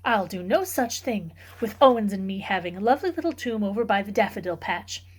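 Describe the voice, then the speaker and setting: A woman reading aloud, voicing a kindly, motherly ghost woman with a warm country voice, brisk and fussing. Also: mid-range voice, lively intonation, lightly acted.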